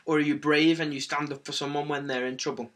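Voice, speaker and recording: A man leading a children's singing lesson, speaking clearly and encouragingly with lots of energy. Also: a little high, flat delivery, fast. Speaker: music teacher.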